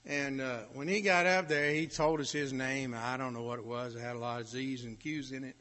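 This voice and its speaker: A male preacher telling a folksy story in his sermon, with animated swells in volume. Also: medium pitch, a little fast. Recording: long hall reverb.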